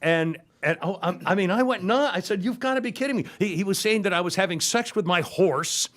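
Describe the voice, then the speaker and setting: Animated storytelling man, fairly high voice. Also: brisk. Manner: animated storyteller with laughs and restarts. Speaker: talk radio host guest. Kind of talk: casual storytelling chat.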